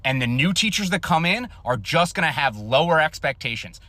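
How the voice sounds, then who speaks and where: A man's voice: on the high side, sing-song, a little fast, pushed and bright, dry recording. A man speaking earnestly to camera about teaching stress, laying out his points like a lesson. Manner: earnest, lecturing. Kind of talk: commentary to camera.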